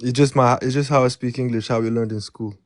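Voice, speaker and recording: A man calling into a live stream, giving calm, brief answers. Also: mid-range voice, quick pace, no echo, studio quality. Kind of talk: casual call-in chat.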